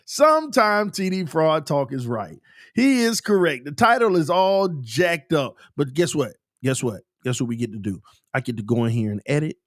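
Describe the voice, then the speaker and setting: A man hosting a casual sports fan livestream, ranting and repeating himself with bursts of laughter and shouting. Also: a little high, very animated, normal speed, dry recording, clean studio sound. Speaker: sports channel host.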